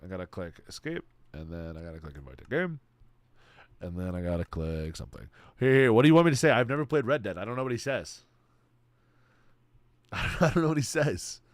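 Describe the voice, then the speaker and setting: A man's voice: fairly low pitch, big pitch swings, a little fast, no echo, clean studio sound. A man casually chatting with viewers while streaming a game, laid-back and swearing freely. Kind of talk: casual livestream chat.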